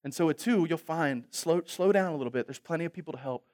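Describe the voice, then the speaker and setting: A male pastor preaching a sermon with humor, moving between loud exhortation and quiet, reflective asides. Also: on the high side, fast.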